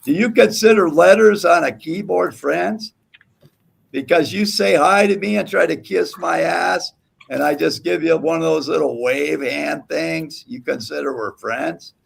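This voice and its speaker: A man's voice: a little high, a little slow, creaky, breathy edge. A man hosting a livestream panel, taunting and cursing at a rival in heated trash talk. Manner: profane, taunting, mocking. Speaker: livestream host.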